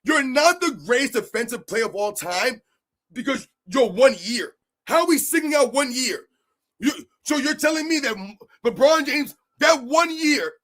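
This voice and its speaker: A sports commentary host with an extremely high, somewhat bright voice delivers a heated rant. He's emphatic and argumentative, driving his points home by repeating them.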